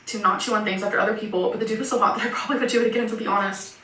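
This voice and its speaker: A woman's voice: mid-range voice, fairly even intonation, racing. A woman YouTuber reading viewer confessions aloud in a chatty way with giggly asides. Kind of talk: reading messages aloud, casual chat. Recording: echoey room, far from mic, faint hiss.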